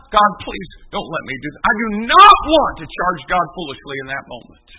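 A male preacher giving an emphatic, repetitive sermon that rises to shouts. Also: sits high, sing-song, fairly quick, hardly any pauses. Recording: tinny distant phone-like recording.

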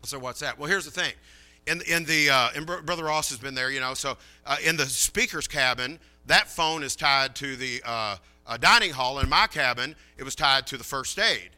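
A man's voice: mid-range voice, normal speed, sharp tone. A man preaching a sermon in a folksy, chatty way, telling a story and acting out the dialogue.

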